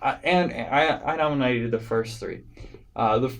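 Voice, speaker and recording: A man co-hosting a casual podcast, jokey and excitable, often stumbling over his words. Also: mid-range voice, a little slow, gravelly, poor audio. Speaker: podcast co-host. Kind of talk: casual chat.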